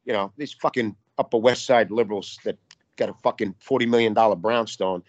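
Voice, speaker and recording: A man's voice: fairly low pitch, steady tone, brisk, darkish tone, no room sound, dull audio. A man from New York, a guest artist, talking in a casual interview in a profane, fired-up, rambling way.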